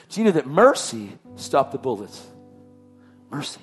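A man's voice: medium pitch, sing-song, normal speed, long pauses, faint music behind. A man telling his personal testimony in an emphatic way, repeating his phrases for weight. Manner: emphatic, repetitive storytelling. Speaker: testimony speaker.

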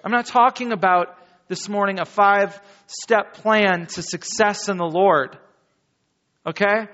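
A man preaching a sermon as pastor, reading scripture and talking to his congregation in an animated, conversational way with dramatic slow pauses. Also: sits high, in a large hall, dull audio.

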